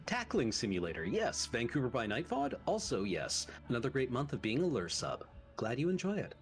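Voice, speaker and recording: Animated streamer reading out sub thanks. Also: medium pitch, brisk, soft background music. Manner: animated, stumbles over names. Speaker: stream co-host. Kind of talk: casual chat reading subscriber thanks.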